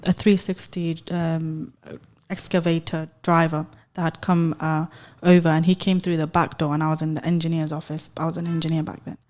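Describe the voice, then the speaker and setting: Lower-voiced woman telling lively anecdotes. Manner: animated anecdote telling, laughs often. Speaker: guest, engineer in construction. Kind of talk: casual radio interview.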